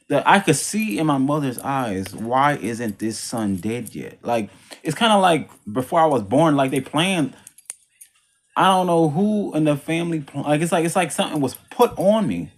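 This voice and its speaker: A man telling his life story as a religious testimony in a casual, rambling, repetitive way. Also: a little high. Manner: rambling, repetitive, emphatic retelling; religious language. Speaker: vlogger sharing a personal testimony.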